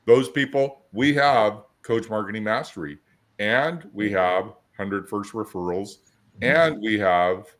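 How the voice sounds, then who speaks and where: With a lowish, fairly bright voice, this man speaks slowly on his podcast. As a business coach, he talks casually about coaching and narrates stories, playing both characters in each exchange.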